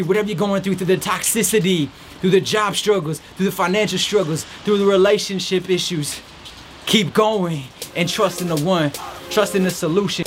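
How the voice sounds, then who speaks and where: A man hosting a podcast, giving an upbeat faith-based pep talk outdoors in the rain. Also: sits high. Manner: preachy and upbeat, with a mock reporter voice at times. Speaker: podcast host. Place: outdoors in a storm. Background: rain and faint music.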